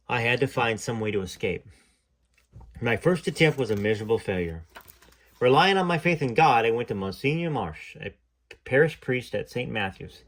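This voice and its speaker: A man reading a first-person memoir aloud at a middling pitch. He slips in casual, wry comments between passages. The delivery sounds like a relaxed storytelling read. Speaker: reader of a memoir.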